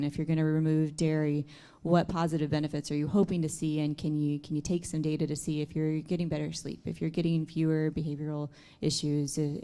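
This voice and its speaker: A woman's voice: sits low, warm tone, smooth. A woman on a conference panel, giving earnest and practical advice to families.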